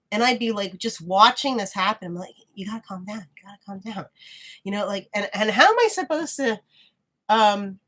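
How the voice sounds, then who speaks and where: A woman vlogger in a casual, frank monologue, reflective and halting, often restarting her sentences. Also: mid-range voice, a bit bright.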